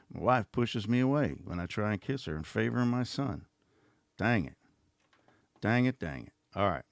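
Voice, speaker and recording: A middle-aged man rambles through a casual livestream with sarcastic, mocking asides. His voice sits very low and deep. The sound is dry and close, with no room around it. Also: lively intonation, normal speed, creaky, pauses often, no room sound. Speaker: host.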